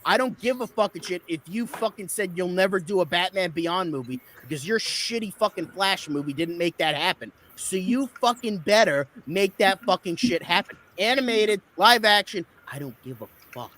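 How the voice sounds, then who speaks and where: A man's voice: sits high, expressive, normal speed, few pauses, fairly bright tone, a little hiss or hum. A man on a live movie review stream, ranting with constant swearing and mock fury in a put-on Brooklyn Italian accent. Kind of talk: profane comedic rant.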